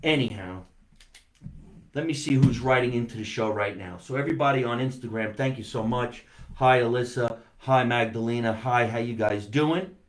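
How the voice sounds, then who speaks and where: A man's voice: medium pitch, moderate pace, echoey room. A man, a comedian, hosting a casual live stream, chatting animatedly and reading out viewer comments. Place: home basement.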